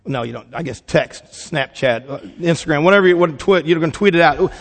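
A man's voice: a little high, fairly quick, long reverb tail. A man preaching a casual, conversational sermon, asking the congregation questions and acting out little quoted voices. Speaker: pastor.

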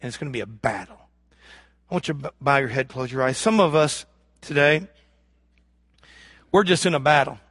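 A man preaching a sermon as pastor, swinging from loud emphasis to hushed lows and acting out imagined prayers. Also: fairly quick, pauses often, breathy edge, no room sound, clean studio sound. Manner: acts out imagined prayers and voices of the congregation.

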